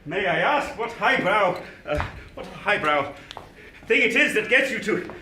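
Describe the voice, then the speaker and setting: A man's voice: sits high, animated, a little slow, bright, forceful tone, distant mic, heavily acted. A man playing a timid, fussy old miser who stammers and speaks formally, in a live stage play. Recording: echoey stage with clear noise.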